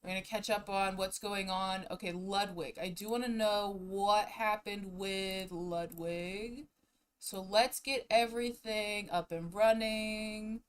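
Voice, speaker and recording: A woman's voice: medium pitch, fairly even intonation, slow, clear, resonant tone, poor audio. Rambling young woman streamer, chatty. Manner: rambling, chatty, swings between mumbling and loud outbursts. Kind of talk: casual live-stream chat.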